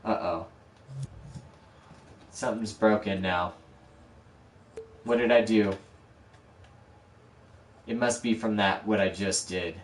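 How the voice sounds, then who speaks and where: In this casual live stream, a man with a lowish, fairly even voice takes it slowly, leaving long pauses as he walks through building his game and teases himself along the way. A dog barks in the room; the mic is a bit distant and the space echoes.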